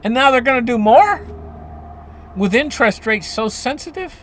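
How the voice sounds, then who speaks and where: A man's voice: very high voice, lively intonation, moderate pace, fairly bright tone, slight background noise. A man talking casually to his viewers about finances, rambling, restarting sentences and chuckling as he goes. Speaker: finance commentator.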